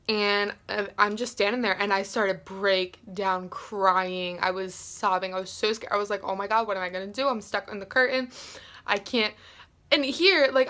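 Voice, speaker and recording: A young woman vlogger telling a story in a casual, animated way, with many fillers. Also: mid-range voice. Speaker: beauty vlogger.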